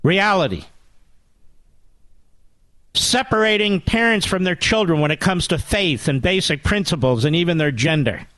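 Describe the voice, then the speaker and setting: A man's voice: high-pitched, normal speed, few pauses, a bit bright, no echo. A man hosting a political talk radio show, delivering a combative, sarcastic monologue.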